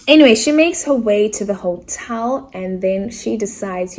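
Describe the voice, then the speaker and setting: Woman from Africa, book reviewer, middle pitch, animated chatty rant with mock-outraged asides. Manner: acts out characters' lines in quick asides.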